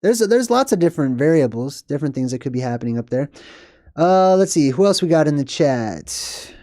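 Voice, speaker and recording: A man's voice: fairly high pitch, lively intonation, a little fast, dark tone, no room sound, studio quality. A young man hosting a live stream, chatting casually and rambling as he reads out viewer comments. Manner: rambling, chatty, laughs at himself.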